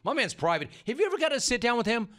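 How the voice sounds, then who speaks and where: A man's voice: very high-pitched, big pitch swings, rapid-fire, a bit bright. A middle-aged man hosting a casual podcast interview, emphatic and repeating his points. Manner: emphatic, repeats himself, calls guest dude. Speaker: podcast host.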